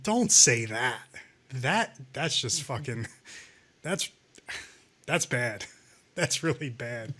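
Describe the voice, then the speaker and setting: A man's voice: mid-range voice, a bit bright. A man co-hosting a casual talk show, ranting sarcastically and swearing often. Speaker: podcast co-host. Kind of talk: casual profane chat.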